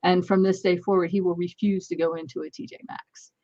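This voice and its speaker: A woman's voice: on the low side, fairly quick, lo-fi sound. A woman guest telling parenting stories in a casual interview, acting out the dialogue as she goes. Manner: animated anecdotes, acts out dialogue. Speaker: guest, energy healer.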